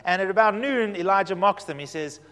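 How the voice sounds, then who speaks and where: Preacher in a reverberant hall. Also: male voice, sits high, a little fast. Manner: animated storytelling, swinging from loud to hushed. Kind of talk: sermon.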